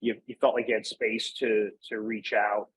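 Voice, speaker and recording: A man's voice: lowish voice, little pitch movement, normal speed, a little hiss or hum, poor audio. A man from Northeast Pennsylvania, a guest in a casual interview, talking in a rambling way with many fillers and restarts. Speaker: podcast guest.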